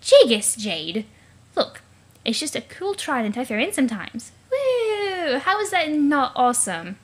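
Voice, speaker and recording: Gal doing a cheery high-voiced fishy alien princess, teasing, punny. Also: female voice, big pitch swings, measured pace. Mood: playful. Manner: fish puns, cheery, teasing. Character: bubbly teenage alien sea princess, playful.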